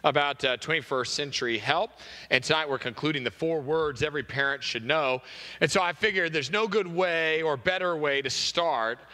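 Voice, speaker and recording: A man's voice: a little high, moderate pace, pushed and bright. Brief: man, pastor, earnest sermon, long reverb of a large sanctuary. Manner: earnest, repeats key phrases. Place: church sanctuary.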